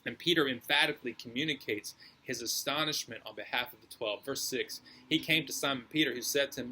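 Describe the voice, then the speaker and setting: A man's voice: mid-range voice, a little fast, hardly any pauses, bright, forceful tone, slight background noise, poor audio. A male pastor preaching a sermon in a casual, slangy and emphatic way.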